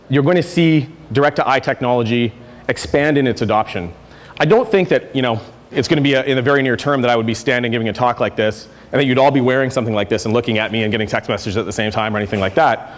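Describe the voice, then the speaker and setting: Fast-talking man in a reverberant hall. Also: medium pitch. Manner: conversational, self-correcting with fillers. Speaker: conference speaker. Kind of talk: conference talk. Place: lecture hall.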